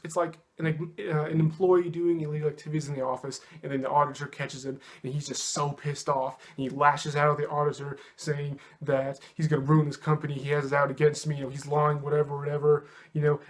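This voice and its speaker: A young man delivering a heated, sarcastic, profane political rant straight to his audience. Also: fairly high pitch. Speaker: political commentary vlogger. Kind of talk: ranting monologue.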